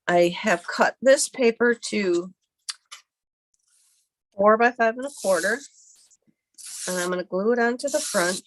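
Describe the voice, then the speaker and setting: Chatty, slightly hoarse woman crafter. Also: fairly low pitch. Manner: chatty and rambling, thinks aloud while working. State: hoarse, recovering from a cough. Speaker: card-making livestream host. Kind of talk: casual craft tutorial. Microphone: computer webcam mic at her desk.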